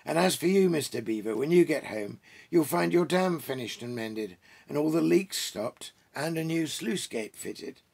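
A man voicing a huge, glad and solemn Father Christmas, speaking loud, slow and grand in a storybook reading. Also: a little high, lively intonation, gravelly, husky, pitched above the performer's own voice, exaggerated voice. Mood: solemn, joyful.

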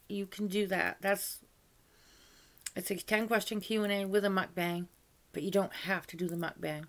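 A woman's voice: mid-range voice, fairly even intonation, moderate pace. An older woman chatting casually to camera as a beauty vlogger, rambling along with frequent asides. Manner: chatty and rambling, with frequent "you know" asides and light laughs.

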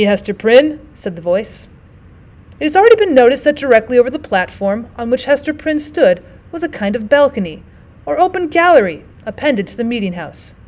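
A woman teacher narrating a classic novel aloud with a steady, expressive reading. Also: a little high. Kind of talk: audiobook narration.

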